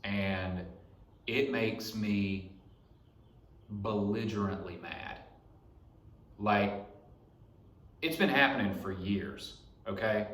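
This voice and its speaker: A man's voice: on the low side, very slow, long pauses, fairly bright tone. A young man hosting a podcast in his garage, rambling through a profane story in a casual monologue. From Alabama. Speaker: podcast host. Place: home garage. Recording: echoey garage.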